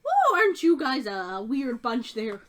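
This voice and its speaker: A squeaky, high-pitched little goblin man, pompous and excitable, as a woman puts him on in a tabletop game. He rattles off grand titles in a breathless rush and bounces all over his register. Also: a little slow, heavily acted. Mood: chirpy. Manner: breathless, self-important introductions.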